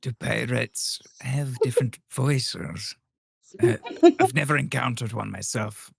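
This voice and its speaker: A player doing a gravelly, formal old man. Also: medium pitch, takes it slowly, dry recording, clean studio sound, exaggerated voice. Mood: mild. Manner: formal, mild old-fashioned phrasing. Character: polite old male adventurer, weary of puns.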